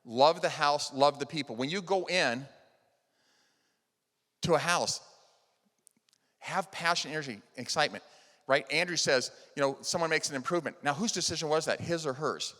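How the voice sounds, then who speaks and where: A man's voice: on the high side, moderate pace, long pauses. Earnest man speaking in a reverberant hall. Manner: earnest storytelling, swings between loud emphasis and soft hushed lines. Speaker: conference speaker. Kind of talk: motivational keynote talk. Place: large event hall.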